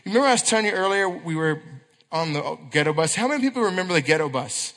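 Male youth preacher, high bright voice, lively storyteller, echoey church hall. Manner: animated storytelling with quick asides and acted quotes. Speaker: youth pastor. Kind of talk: sermon.

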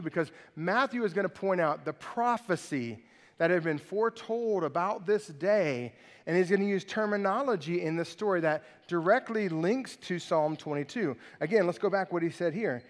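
A male pastor preaching a sermon, reading scripture aloud and acting out the mockers in a raised voice. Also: high voice. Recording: long hall reverb.

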